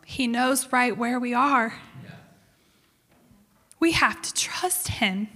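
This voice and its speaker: A woman's voice: a little high, slow, bright, forceful tone, in a large hall. A woman giving a conversational sermon into a handheld mic, often checking in with the listeners with a rhetorical "right?". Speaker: speaker at a faith gathering. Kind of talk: sermon with a book reading. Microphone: handheld microphone.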